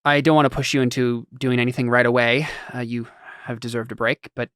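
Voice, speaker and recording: A man voicing a troubled young noblewoman who speaks quietly and carefully. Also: medium pitch, level tone, fairly quick, clean tone, no echo, studio quality, lightly acted.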